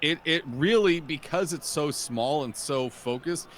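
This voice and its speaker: A man's voice: on the high side, a little slow, fairly bright tone, slight background noise. A young man giving color commentary on a game, thoughtful and hesitant, often restarting his sentences. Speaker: color analyst.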